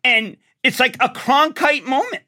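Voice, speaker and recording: A man in his sixties, a guest in an animated conversation, rambling and excitable, rising to near-shouts. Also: very high-pitched, measured pace.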